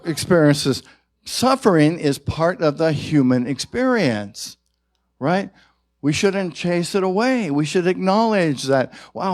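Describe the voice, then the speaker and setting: Animated, unhurried male minister preaching. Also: a little high. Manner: engaging the congregation with questions and call-and-response. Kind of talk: sermon. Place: church service.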